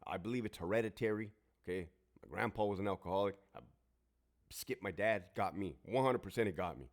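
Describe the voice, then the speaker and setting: A man's voice: lowish voice, brisk. A man in his forties, a former prison guard and veteran, telling his story in a blunt, heavily profane, emphatic way. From Southern California. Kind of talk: casual storytelling monologue.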